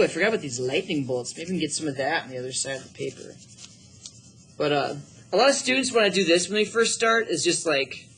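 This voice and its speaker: A man's voice: a little high, slight background noise. A middle-aged man teaching a drawing lesson, upbeat and encouraging, thinking aloud as he works. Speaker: art teacher.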